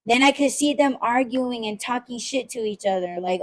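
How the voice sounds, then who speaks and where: A woman's voice: a little high, normal speed, hardly any pauses, darkish tone, rough recording. Woman, podcast rant, blunt, cursing freely, mocking impressions of others. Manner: blunt, profane and ranting, mimics people she criticizes. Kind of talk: casual podcast talk.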